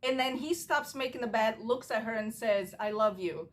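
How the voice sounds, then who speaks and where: A woman's voice: on the high side, normal speed. A woman giving a casual, opinionated TV recap, talking straight to camera and acting out quotes with animation. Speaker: TV recap vlogger.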